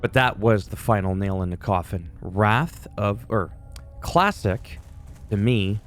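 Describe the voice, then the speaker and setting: A man with a fairly low voice, talks through his gameplay in a loose, opinionated rant. He swears freely and wanders between tangents. Faint game music sits quietly behind him. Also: measured pace, long pauses. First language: French. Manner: ranty, profane, opinionated. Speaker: gaming YouTuber. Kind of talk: casual gameplay commentary.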